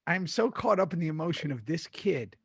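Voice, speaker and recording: Middle-aged podcast host, husky voice pitched a bit high, swears a lot, very dry close sound. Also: male voice, a little fast, dry recording. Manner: animated, swears freely, laughs mid-sentence. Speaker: podcast host recapping a TV episode. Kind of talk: casual chat.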